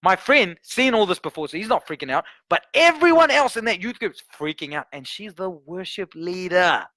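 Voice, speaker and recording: A man preaching a sermon, telling a story with animated voices and building to emphatic points. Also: sits high, moderate pace, no room sound. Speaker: guest preacher.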